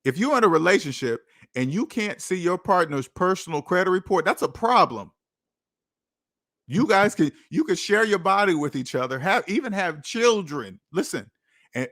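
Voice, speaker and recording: A man's voice: a little high, fairly bright tone, dry recording, clean studio sound. A man hosting his own channel, giving a repetitive, emphatic casual monologue. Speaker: channel host.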